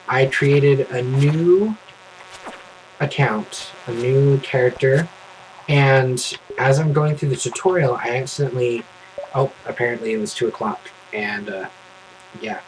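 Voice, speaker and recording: A man streaming and telling a story in casual chat, animated and vivid, with casual swearing. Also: mid-range voice, measured pace, slight background noise, poor audio.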